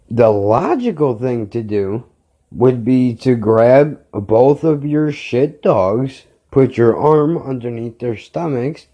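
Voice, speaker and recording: A man's voice: medium pitch, mellow, muffled recording. A male podcast host telling a story as a blunt, heated rant full of swearing.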